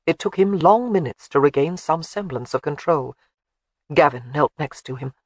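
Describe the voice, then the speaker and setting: Expressive male audiobook narrator, dry sound. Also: fairly high pitch, moderate pace, no room sound. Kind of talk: scripted narration.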